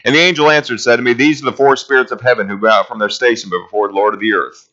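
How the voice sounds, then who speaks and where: A man's voice: mid-range voice, steady tone, fast, bright, forceful tone, highs cut off. A man leading a casual Bible study class, talking through scripture in a conversational, rambling way and reading passages aloud.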